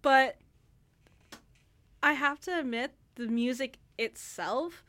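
A woman's voice: sits high, takes it slowly, a bit bright. A young woman reviewing a play in casual radio chat, talking loosely with many fillers and restarts. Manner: chatty, lots of fillers and restarts, laughs easily. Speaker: theatre reviewer.

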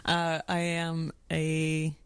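A woman in her thirties, a graduate student, introducing herself in an unhurried, plain way. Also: low voice, monotone, smooth, dry recording. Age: 30s. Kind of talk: self-introduction.

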